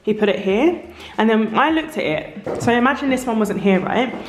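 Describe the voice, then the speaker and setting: A woman vlogging casually about her house renovation, talking frankly and in a rambling way, a little croaky from tiredness, filmed on a handheld phone camera. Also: on the high side, expressive, normal speed. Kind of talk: casual vlog chat. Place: empty house under renovation. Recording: echoey empty room, faint noise.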